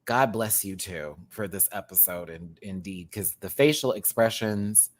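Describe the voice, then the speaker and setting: A man hosting a casual reaction show, campy and chatty, swinging from loud exclamations to quiet asides and laughing often. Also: sits low, measured pace. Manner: campy and chatty, repeats words for emphasis.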